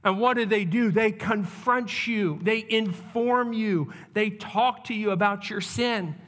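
A man's voice: high-pitched, measured pace, a bit bright, in a large hall. A man preaching a sermon as pastor, earnest, repeating his questions and restarting his sentences.

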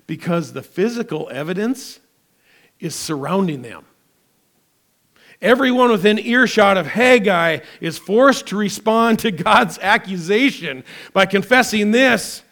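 A male pastor preaching a sermon, emphatic and dramatic, swinging between loud declarations and quiet asides. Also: on the high side.

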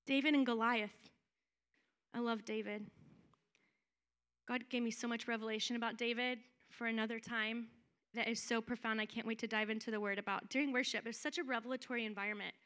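A young woman delivers a sermon with a bright, ringing tone that sits a little high. She preaches casually and with energy, often slipping into acted-out voices for the people in her stories. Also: brisk, clean tone. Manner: animated, conversational preaching with acted-out quotes.

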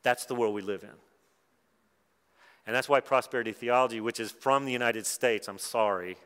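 A middle-aged man delivers a conference sermon in a relaxed, conversational way and drops in wry asides. His voice sits in a middle register. A long hall reverb trails each phrase. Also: mid-range voice, moderate pace, clear, resonant tone. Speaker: preacher.

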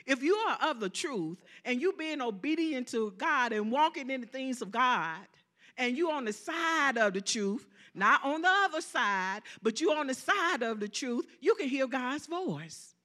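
Animated woman preaching a sermon. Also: sits high, measured pace. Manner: call-and-response preaching, repeats lines for emphasis; dramatic swings between loud and soft.

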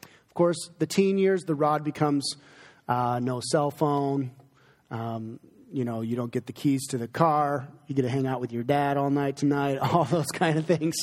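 A man's voice: mid-range voice, fairly even intonation, unhurried, a little mellow. A middle-aged male pastor taking questions from his congregation in a church sanctuary, earnest and conversational, turning emotional at times. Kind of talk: sermon Q&A with congregation. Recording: long hall reverb.

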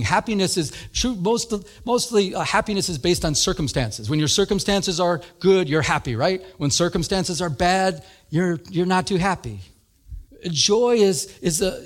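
A man with a notably high voice preaches in a loose, conversational way. He is middle-aged and tells everyday stories with lively sound effects and quoted lines. His delivery stays informal and animated. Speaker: pastor. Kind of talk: sermon.

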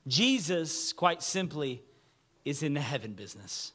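A man preaching a sermon with earnest delivery, dropping to a hush when he reads quoted words. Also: fairly high pitch, animated, a little slow. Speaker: pastor.

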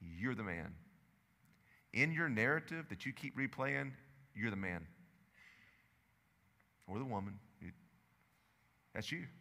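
A man preaching a sermon as pastor, swinging between loud urgent stretches and low hushed lines. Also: lively intonation, measured pace, gravelly, pauses often, long reverb tail. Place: church sanctuary.

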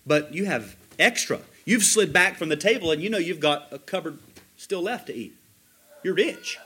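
A man preaching a sermon as pastor, slowing down to stress key words and quoting commentators. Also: on the high side, sharp tone, husky. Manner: emphatic, slows down to stress words, quotes commentators.

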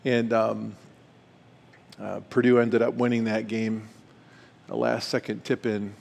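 A man's voice: lowish voice, flat delivery, measured pace, creaky, darkish tone. A middle-aged man speaking at a retreat, telling a personal story and acting out the dialogue with animation. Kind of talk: storytelling talk. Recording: long hall reverb.

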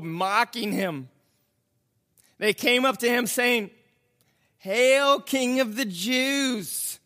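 A man preaching a sermon, reading scripture and explaining it in a slow, dramatic way that builds to emphatic outbursts. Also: high voice, pushed and bright. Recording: long hall reverb.

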